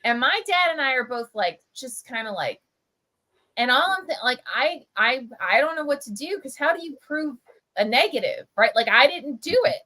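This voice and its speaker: Bright-voiced chatty woman telling a story. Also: high-pitched, expressive, moderate pace, low-quality recording. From Camden, New Jersey. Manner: chatty, lots of "like" and "right?". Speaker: press editor. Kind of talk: casual livestream storytelling. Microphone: video call.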